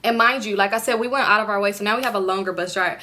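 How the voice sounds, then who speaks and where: A woman vlogger telling a casual storytime, animated and profane, laughing often. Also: medium pitch, racing.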